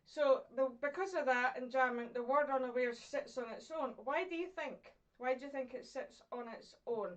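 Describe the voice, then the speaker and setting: A Scottish woman, an English teacher, gives a chatty, encouraging online poetry lesson, asking questions and pausing for her pupils. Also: high-pitched, fairly bright tone, distant mic, rough recording.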